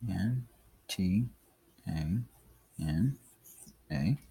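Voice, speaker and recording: Narrating a casual handwriting tutorial while he writes, a teacher sounds chatty and encouraging. His low voice is animated but very slow, mellow and slightly rough, with vocal fry.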